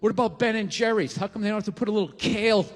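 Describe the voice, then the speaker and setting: A man's voice: high-pitched, very fast. A man in his forties doing a profane, exasperated stand-up rant on a big theater stage, with the audience laughing. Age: 40s. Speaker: stand-up comedian. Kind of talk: stand-up routine. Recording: live theater with long reverb.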